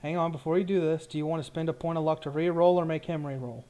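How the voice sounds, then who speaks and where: A man runs a tabletop game as game master, narrating in a loose, casual way. He wanders through his descriptions with fillers and asides. His voice sits a little high for a man. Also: steady tone, fast, mellow.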